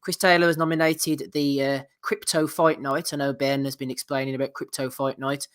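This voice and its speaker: A man's voice: mid-range voice, flat delivery, normal speed, a bit bright, clean tone. A man hosting a podcast, reading out listener nominations in casual chat and laughing often.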